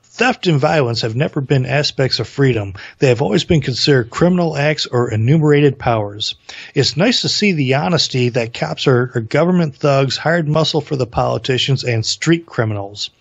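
A man co-hosting a political talk show in a husky, mid-pitched voice, talking earnestly and reading quotes aloud. His audio is dry and slightly muffled. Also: lively intonation, moderate pace, no echo. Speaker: co-host. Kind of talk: casual political chat.

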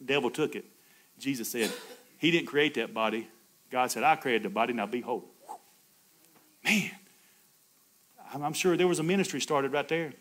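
A male pastor preaching a sermon, swinging from loud, high exclamations to soft, low asides and chuckling between points. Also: lively intonation, moderate pace, long pauses. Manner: call-and-response preaching, laughs between points.

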